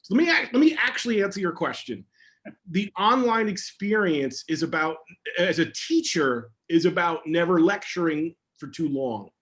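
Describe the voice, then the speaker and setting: A man, a security educator, answering questions in a casual online session with energetic, emphatic talk. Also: fairly high pitch, normal speed.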